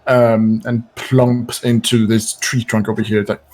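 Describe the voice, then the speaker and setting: A man's voice: fairly low pitch, level tone, unhurried, a little mellow. A man narrating as dungeon master in a casual tabletop game, chatty and laughing, often restarting his sentences.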